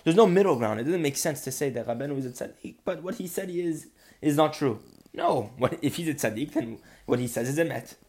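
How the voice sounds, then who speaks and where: A man's voice: fairly high pitch, a little fast, a little mellow. A man teaching a podcast Torah lesson, earnest and building to emphatic insistence.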